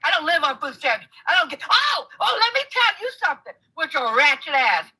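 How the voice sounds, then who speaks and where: A woman arguing in a heated livestream debate, swearing constantly, angry and talking over the other person, often bursting into shouts. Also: high-pitched, big pitch swings, brisk, poor audio. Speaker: guest in a live debate.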